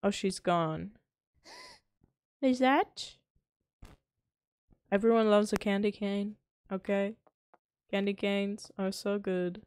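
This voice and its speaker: A woman's voice: medium pitch, fairly even intonation, measured pace, darkish tone, smooth. A young woman streaming a video game live, chatting in a confused, self-mocking way as she plays.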